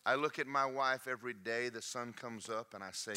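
A man preaching a sermon, emphatic and folksy, often shouting to the congregation in a church. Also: mid-range voice, a little fast.

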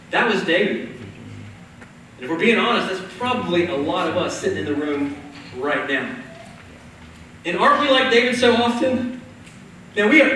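A male pastor preaching a sermon as animated, conversational storytelling, heard from a distance in a large church hall. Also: high voice, a little hiss or hum. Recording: echoey hall from far off.

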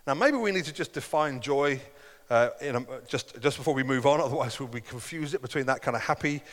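A man's voice: mid-range voice, fairly quick. Man, middle-aged, pastor, sermon, earnest conversational delivery, long hall echo. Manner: earnest, conversational preaching with dramatic quoted asides.

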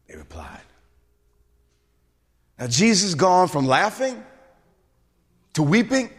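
In a large, reverberant hall, a suburban preacher delivers his sermon emphatically. His voice is high and lively, moving up and down, and he often digresses or restarts quickly.

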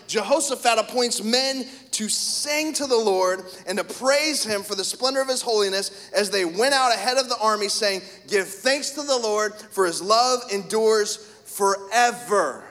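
A man pastor preaching a sermon in a church, animated, swinging from shouts to hushed tones. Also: very high voice, big-room sound. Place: church hall.

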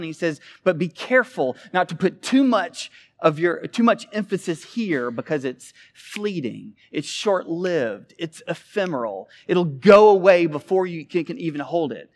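Animated male preacher, slightly high voice. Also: normal speed. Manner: animated preaching with big swings in loudness. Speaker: pastor. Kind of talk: sermon.

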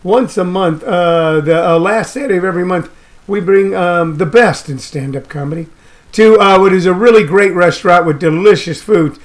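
Man, high pitch, rambling comedic radio host, riffs and repeats himself. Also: moderate pace. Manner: loose, riffing, repeats phrases, frequent uh fillers.

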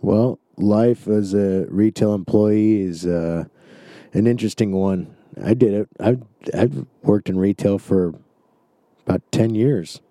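A former retail manager chatting casually and swearing now and then. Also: male voice, on the low side, slow, mellow, no echo, studio quality. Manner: laid-back, swears casually. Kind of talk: casual chat.

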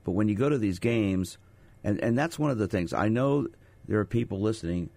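A man's voice: on the low side, lively intonation, brisk, a little mellow, no room sound. A middle-aged man hosting a radio talk show as a sports psychologist, telling stories and asking the audience rhetorical questions. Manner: storytelling, conversational, rhetorical questions. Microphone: studio microphone. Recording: dry studio sound.

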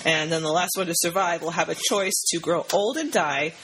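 A woman's voice: lowish voice, brisk, fairly bright tone, a little hiss or hum, low-quality recording. A young woman co-hosting a podcast, casually recapping a movie in a rambling, enthusiastic way full of fillers. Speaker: podcast co-host.

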